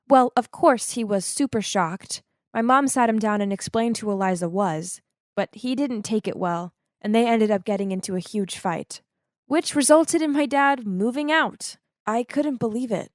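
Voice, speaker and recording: A woman narrating an animated storytime in a dramatic, emotive way. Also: normal speed, no room sound, studio quality. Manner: emotive and dramatic, swings to high exclaims.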